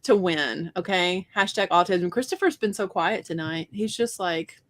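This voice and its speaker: A woman's voice: fairly low pitch, normal speed. A woman hosting a casual livestream giveaway, chatty and teasing, laughing often.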